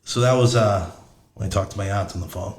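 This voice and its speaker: A man's voice: on the low side, a little fast, a little mellow, roomy sound. A middle-aged man telling a story casually, blunt and profane, often restarting as he searches for words. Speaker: podcast host.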